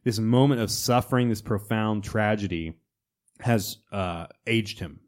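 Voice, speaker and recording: A man hosting a casual podcast chat, lively and jumping into put-on voices when he quotes film scenes. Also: on the low side, a little slow. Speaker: podcast host.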